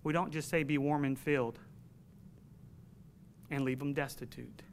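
A man's voice: on the high side, steady tone, normal speed, a little hiss or hum. A man preaching a sermon to his congregation in an earnest, emphatic way, telling a personal story.

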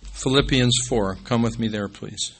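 A man preaching a sermon as pastor. He rises to emphatic peaks, then drops low and quiet when he calls out scripture references. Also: a little slow, slightly rough.

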